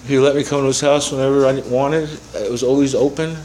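A man's voice: mid-range voice, steady tone, brisk, darkish tone, a little hiss or hum, rough recording. A man in his seventies giving a personal testimony to a recovery meeting, rambling through his story with profanity and self-mocking humor. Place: meeting room with a small audience.

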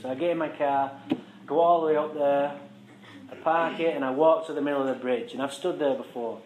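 A man tells a raw personal story to a gathered audience, swearing freely and joking wryly. His voice sits slightly high for a man. The room echoes loudly behind him. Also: a little fast, noisy background. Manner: frank, profane, wry, conversational. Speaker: speaker sharing his recovery story.

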